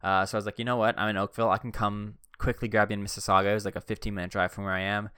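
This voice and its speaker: A young man talks quickly through a rambling, self-deprecating story with joking asides. His voice is bright, smooth and a touch low. It sounds dry and close to the mic. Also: level tone, dry recording. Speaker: podcast host. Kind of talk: casual storytelling. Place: seated indoors on a swivel chair.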